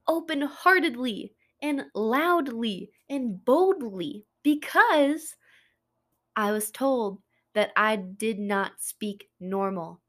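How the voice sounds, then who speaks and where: A woman's voice: on the high side, fairly bright tone. A woman hosting a self-help podcast, talking in an earnest, open-hearted way to her listeners. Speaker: podcast host.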